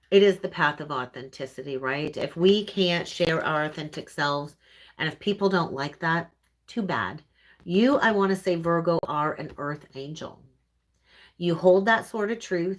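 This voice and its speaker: A woman with a Canadian accent giving an earnest, conversational live-streamed tarot reading and often checking in with "right?". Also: sits low. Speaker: tarot reader.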